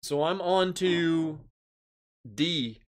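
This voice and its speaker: Drawing out his words in a slightly high voice, a man runs a laid-back livestream. He reads chat comments aloud, laughing frequently while sounding under stress.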